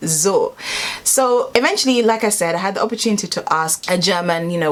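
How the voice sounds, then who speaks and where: A young adult woman talking casually to camera in a vlog, chatty and animated, rambling a little as she explains things. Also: on the low side, brisk. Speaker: vlogger.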